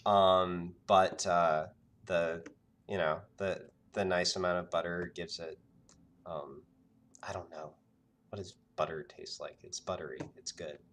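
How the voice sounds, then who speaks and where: A man's voice: deep voice, flat delivery, measured pace, a little hiss or hum. A man narrating as game master of a tabletop fantasy game, hesitant and full of fillers. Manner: hesitant, filler-heavy narration with soft laughs.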